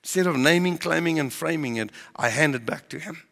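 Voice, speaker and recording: Male pastor preaching; emphatic questions, bright voice, reverberant hall sound. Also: a little high, brisk, creaky. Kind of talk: sermon.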